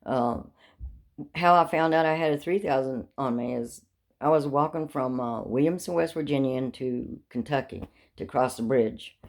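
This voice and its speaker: With a very deep, creaky voice and a darkish tone, this middle-aged woman tells rambling life stories at a moderate pace. A talkative vlogger, she jokes morbidly and laughs frequently.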